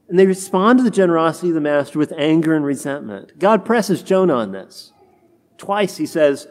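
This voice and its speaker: A man's voice: high voice, expressive, a little fast, a little mellow. A man preaching a homily, acting out the quoted complaints of the people in his story. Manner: acts out quoted complaints in character voices. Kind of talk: sermon.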